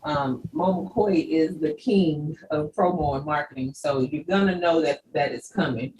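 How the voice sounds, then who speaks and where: A man's voice: a little high, measured pace, a little mellow. A man guest explaining how his company runs auditions in a casual chat, talking at length and restarting his sentences often. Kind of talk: casual interview. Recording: roomy, distant from the mic, faint noise.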